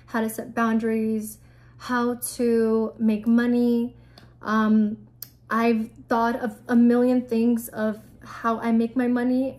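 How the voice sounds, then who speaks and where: A young woman with a fairly high voice gives frank, no-nonsense advice straight to the camera. Her delivery is casual and blunt, full of fillers and mild profanity. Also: a little mellow. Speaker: vlogger giving advice.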